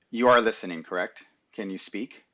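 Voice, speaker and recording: A middle-aged man hosts a live stream, chatting casually through his screen share and muttering back at his computer. His fairly low voice is a bit bright, and the webcam mic recording has its highs cut off.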